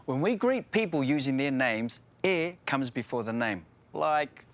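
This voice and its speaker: Animated, playful New Zealand man presenting. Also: mid-range voice, measured pace. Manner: playful, joking. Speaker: language show co-host. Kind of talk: lively language lesson presenting.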